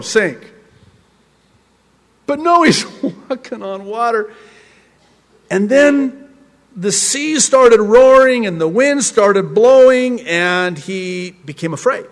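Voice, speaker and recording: A man preaching a sermon in a fairly high voice, slow and deliberate, with his words trailing into a long hall echo. He breaks into humorous asides and laughs mid-sentence. His storytelling is lively. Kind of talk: sermon on a psalm.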